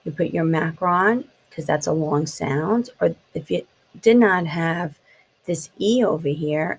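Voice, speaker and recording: A woman teaching phonics to small children, drawing each sound out and walking them through the letters one step at a time. She speaks slowly in a low voice with a gravelly, husky edge. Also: poor audio. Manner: slow, sounds out letters and taps words. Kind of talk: phonics lesson for young children.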